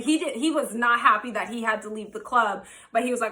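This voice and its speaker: A young woman vlogger telling a storytime in a frank, animated, profane way. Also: a little high, fast. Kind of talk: storytime vlog.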